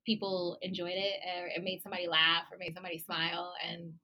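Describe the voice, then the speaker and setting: A woman's voice: fairly low pitch, flat delivery, fast talker, pushed and bright. Joking woman podcast co-host. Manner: joking, laughs often. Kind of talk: casual chat.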